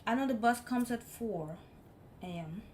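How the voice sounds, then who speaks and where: A woman live streamer telling a story in casual chat, blunt and animated, swearing freely. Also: fairly high pitch, measured pace, slight background noise.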